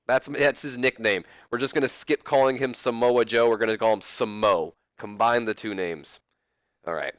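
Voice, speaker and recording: A man's voice: mid-range voice, moderate pace, a bit bright, dry recording. A man hosting a let's play, giving rambling, casual gameplay commentary with self-correcting asides and jokes to his viewers.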